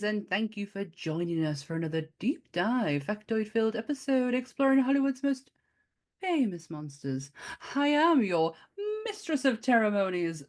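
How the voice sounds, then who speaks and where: A woman hosts a podcast, chatty and giggly, her lively sing-song pitch bouncing up and down. She keeps things relaxed and casual, laughing often.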